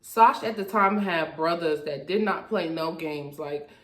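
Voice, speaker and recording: A young woman telling a storytime vlog in a casual, slangy, animated way, acting out the people she quotes. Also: sits low, unhurried. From Florida, USA. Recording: echoey room.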